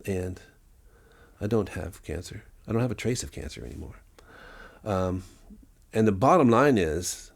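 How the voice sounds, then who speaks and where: Low male voice, musician-teacher interviewee, rambling anecdotal delivery full of fillers. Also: darkish tone. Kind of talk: interview storytelling.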